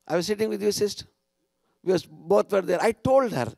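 A man preaching a sermon at a conference, rising to loud cries and dropping to hushed asides. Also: sits high, big pitch swings, moderate pace, creaky, no echo, clean studio sound. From India. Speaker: pastor. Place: conference hall.

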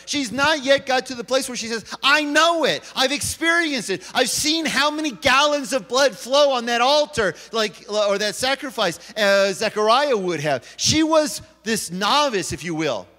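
This male pastor has a high, slightly bright voice that carries a big-room sound through the church sanctuary. In his sermon he tells stories and acts out the voices of the characters.

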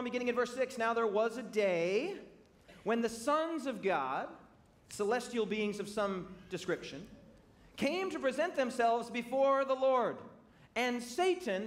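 Guy preaching in church, really high voice, gets loud then goes quiet. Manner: emphatic, rising to loud bursts then dropping low. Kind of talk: sermon.

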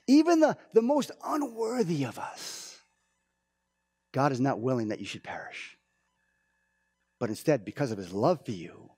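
Male pastor, lively up-and-down delivery, dry close sound, informal church sermon. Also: on the high side, slightly rough, dry recording. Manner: informal, animated storytelling with many restarts. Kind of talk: conversational sermon.

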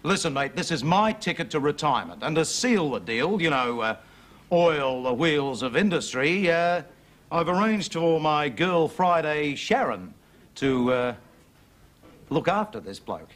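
A pompous, scheming Australian car dealer who is bossy and impatient. His voice is high and swoops about lively in a studio sitcom. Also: measured pace. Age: middle-aged. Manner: bossy, impatient, wheeling-dealing. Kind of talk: 1980s studio sitcom acting.

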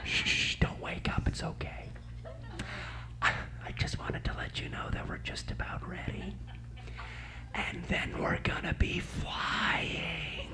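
A man voicing a motherly flight attendant in a whispered role-play, cooing slowly and tenderly to sleeping passengers. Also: sits high, heavily acted. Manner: hushed, slow, tender cooing.

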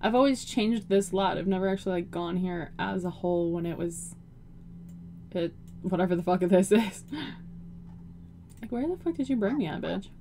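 A woman's voice: on the low side, moderate pace, creaky, pauses often, warm tone, slight background noise. A young woman giving casual, profane, joking commentary over a life-simulation game and talking to her character. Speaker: gaming video host.

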